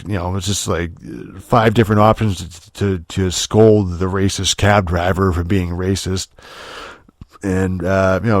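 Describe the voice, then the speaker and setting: A man with a low, deep voice hosts a casual solo podcast rant, rambling from point to point with plenty of swearing and restarts. His tone turns dry and sarcastic at times. The sound is close and dry, with no room around it. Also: no echo. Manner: rambling, profane, full of restarts and filler words. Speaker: podcast host.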